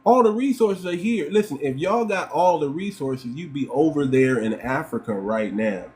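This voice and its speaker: A man's voice: on the high side, expressive, moderate pace, darkish tone. A man from the United States hosting a livestream, talking emphatically, repeating himself and firing off rhetorical questions. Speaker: livestream host. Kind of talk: livestream commentary.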